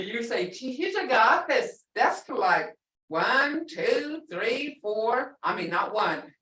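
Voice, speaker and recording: A middle-aged woman teaching a language class, explaining patiently and repeating words slowly. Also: on the high side, fairly bright tone. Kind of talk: online language lesson. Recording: roomy sound from a distance.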